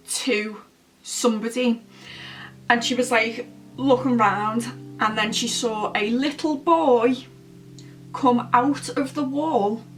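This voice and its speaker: A woman's voice: a little high, far from the mic, poor audio. A woman telling a story casually while doing her makeup, rambling and chatty with many fillers. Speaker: beauty vlogger. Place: at home, indoors.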